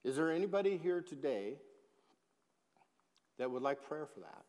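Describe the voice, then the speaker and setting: A man preaching a sermon as pastor, slow and emphatic, swelling in volume on key phrases. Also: fairly high pitch, expressive, a little mellow. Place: church sanctuary. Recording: long hall reverb.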